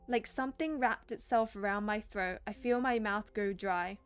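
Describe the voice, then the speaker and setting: A young woman streaming herself, reading a romance visual novel aloud and chatting excitedly between lines. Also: mid-range voice, normal speed, few pauses, clear, resonant tone, faint music behind. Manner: excitable, laughing asides.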